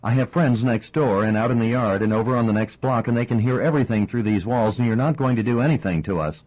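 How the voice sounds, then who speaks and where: A man's voice: mid-range voice, huge pitch swings, moderate pace, dark tone, slightly rough, dull audio, pitched above the performer's own voice, heavily acted. A man voicing a frightened but defiant young woman who speaks with strain in her voice. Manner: strained and insistent.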